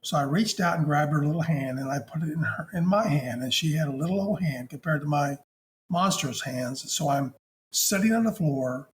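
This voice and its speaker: A man speaks as a hospice chaplain, recounting a patient visit in a gentle, affectionate, conversational manner. His voice sits a little higher than most men's. A faint hiss runs underneath. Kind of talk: conversational storytelling.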